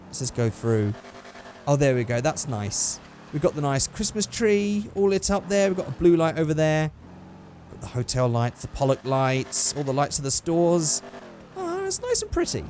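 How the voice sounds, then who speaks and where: A man's voice: on the high side, normal speed, darkish tone, slight background noise. A young man giving casual, upbeat gameplay commentary, chatting and thinking aloud as he plays. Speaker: gaming YouTuber.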